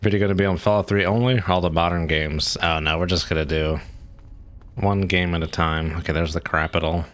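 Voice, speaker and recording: A man's voice: low voice, fairly even intonation, a little fast, fairly bright tone. A man streaming a game, giving casual, rambling commentary as he plays and thinks aloud.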